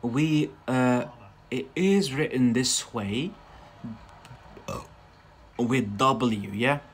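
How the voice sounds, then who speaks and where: A man's voice: medium pitch, drawn-out words. A man with a Scottish accent teaching English words on a live stream, chatty and checking in with frequent tag questions.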